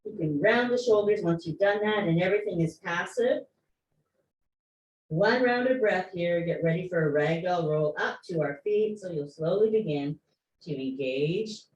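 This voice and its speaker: Lady fitness teacher, lowish voice, guiding stretches, sounds far off in a roomy studio. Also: lively intonation, normal speed, darkish tone, muffled recording, a little hiss or hum. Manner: encouraging, breath-led instruction with playful asides. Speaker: fitness instructor. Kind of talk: guided workout cues. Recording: echoey room, mic far off.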